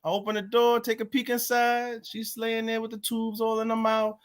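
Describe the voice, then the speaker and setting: A man telling a personal story in lively, emotional style, acting out the voices of others and laughing often. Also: very high voice, moderate pace. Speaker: guest, motorcycle club president. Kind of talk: animated storytelling.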